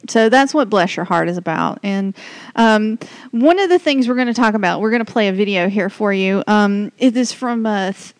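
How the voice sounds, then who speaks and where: A woman's voice: mid-range voice, normal speed, few pauses, dry recording. A woman with a Southern US accent hosting a loose, unscripted podcast, rambling and restarting her sentences. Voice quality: rambling, restarts a lot, chatty. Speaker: podcast host. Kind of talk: casual unscripted podcast chat.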